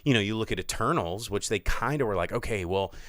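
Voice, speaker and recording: Man, podcast co-host, sarcastic, animated, casual film chat, dry sound. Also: on the low side, fast talker, no room sound. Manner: animated, sarcastic, puts on mocking voices. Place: studio.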